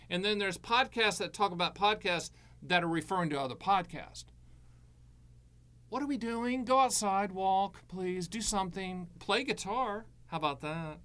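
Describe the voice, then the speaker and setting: A man hosting a live stream on annuities, giving blunt, sarcastic and animated advice full of jokes. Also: high voice.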